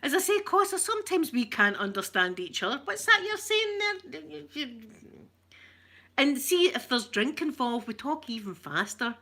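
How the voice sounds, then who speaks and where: A woman's voice: fairly high pitch, very animated, normal speed, pushed and bright. A Scottish woman chatting casually with livestream viewers, joking and laughing often in a broad local speech. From Scotland. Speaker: ASMR livestream host. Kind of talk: casual chat.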